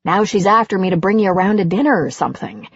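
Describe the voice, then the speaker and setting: A woman reading an audiobook and voicing a gentle, self-deprecating older man who speaks softly. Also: mid-range voice, lively intonation, fast, slightly rough, no echo, highs cut off. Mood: wondering, gentle. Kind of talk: audiobook character voice.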